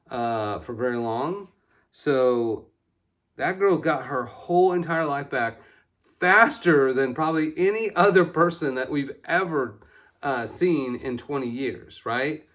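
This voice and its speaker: A man's voice: medium pitch, a little slow, fairly bright tone. A man in his forties, a doctor presenting a patient case in a casual, candid way, self-deprecating and full of fillers.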